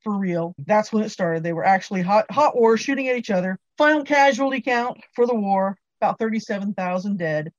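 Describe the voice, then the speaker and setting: A woman's voice: mid-range voice, animated, a little fast, few pauses, dry recording. A woman co-host telling a history story in a wry, sarcastic way. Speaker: podcast co-host. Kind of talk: casual political commentary. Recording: dry, slightly dull sound.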